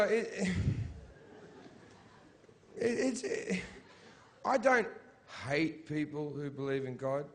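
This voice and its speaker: A man works a comedy stage with crude, provocative stand-up, cursing throughout and ramping up to mocking shouts. His voice runs on the high side, and there's a little hiss or hum in the recording.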